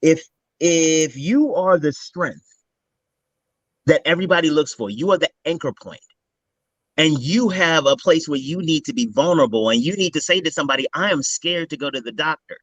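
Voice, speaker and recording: Animated higher-voiced man hosting. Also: moderate pace, no echo, low-quality recording. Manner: animated, rambling, thinks aloud. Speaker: host. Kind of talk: casual interview talk.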